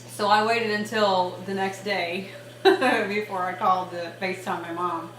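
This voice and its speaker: A woman in her thirties talks through a casual home vlog at an ordinary pitch. She rambles, laughs often and leans on fillers. The room sounds echoey, with a faint hum behind her. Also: normal speed, a bit bright. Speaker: vlogger. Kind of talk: casual pregnancy update vlog.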